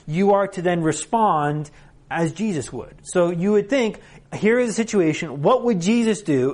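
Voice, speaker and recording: A man's voice: fairly high pitch, darkish tone. Male conference preacher, chatty and wry, asks the room questions. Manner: conversational preaching with humor and rhetorical questions. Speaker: conference speaker. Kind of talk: sermon. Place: conference hall.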